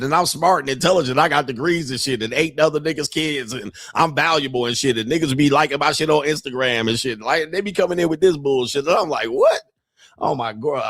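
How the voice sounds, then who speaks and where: A man's voice: fairly high pitch, no room sound, studio quality. A man hosting a show, delivering a crude comedic rant in a boastful, profane, mocking way. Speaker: show host.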